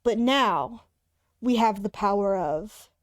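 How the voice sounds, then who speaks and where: During a casual livestream, a woman with headphones on beneath her hat rambles and giggles as she tries out sound effects and voice changer settings. She speaks slowly, at medium pitch, with lively intonation.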